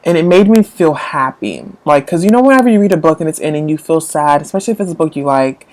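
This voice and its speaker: This book vlogger, a woman with a low voice, talks fast and casually to her viewers, gushing and wandering off on tangents. When she gets excited, she jumps up into squeals.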